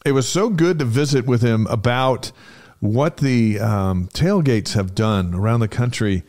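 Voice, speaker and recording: A man's voice: mid-range voice, measured pace, darkish tone. A man co-hosting a sports talk show in a studio, chatting casually in an easygoing way and reading out dates and notices. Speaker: co-host of a sports radio show. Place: radio studio.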